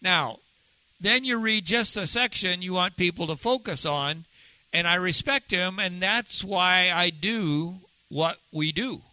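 Man, pastor, sermon, earnest, measured, very bright sharp tone, slightly high voice. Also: no echo, poor audio. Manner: earnest, measured, slows down to stress key phrases.

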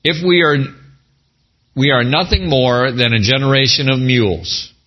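A man preaching a sermon as a pastor, animated, with folksy asides. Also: mid-range voice, normal speed, dull audio.

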